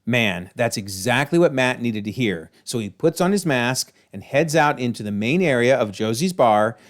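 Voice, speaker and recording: A man hosting a video, recapping a TV episode in an animated, exclaiming way. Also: medium pitch, normal speed. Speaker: video host.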